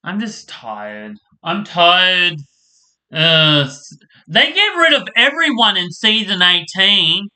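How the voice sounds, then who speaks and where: A man with a very bright, sharp-edged voice, pitched a little high, gives a casual rant about a soap opera. He talks slowly, rambles, and swears a lot in exasperation. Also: very animated. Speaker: vlogger reviewing a soap opera. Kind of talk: casual ranting commentary.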